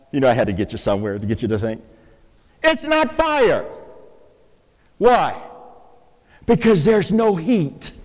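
A man's voice: high voice, big-room sound. A man preaching an interactive sermon to a live congregation in a church, quizzing listeners with playful questions. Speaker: pastor. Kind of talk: interactive sermon with object lessons.

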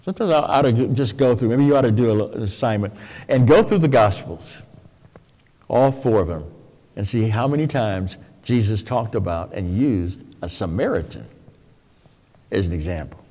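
A man preaching a sermon, folksy and expressive, dropping to soft low phrases and jumping to high, emphatic ones. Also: normal speed. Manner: folksy, colloquial asides. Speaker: pastor. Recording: long hall reverb.

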